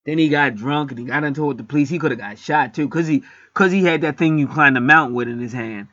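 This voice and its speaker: A man's voice: fairly high pitch, fast, bright, forceful tone, muffled recording. A man on a spiritual channel retelling a film in a casual, rambling, emphatic way, swearing freely and preaching. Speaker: spiritual vlogger.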